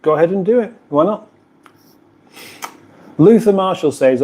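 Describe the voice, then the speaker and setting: Chatty British man, mellow voice. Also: sits high, expressive, measured pace, long pauses. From United Kingdom. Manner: rambling, chatty, reads out viewer comments. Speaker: live stream host. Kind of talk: casual live chat. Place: kitchen.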